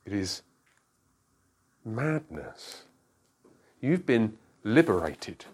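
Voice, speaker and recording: A man teaching an interactive Bible study, asking the group questions and explaining with quick asides. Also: lowish voice, big pitch swings, darkish tone, husky.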